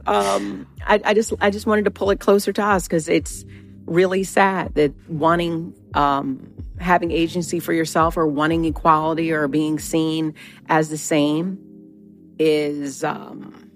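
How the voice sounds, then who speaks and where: A woman's voice: sits low, fairly even intonation, unhurried, soft background music. A woman being interviewed, reflecting in a thoughtful, conversational way. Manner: thoughtful, laughs at her own realization. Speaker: interview guest.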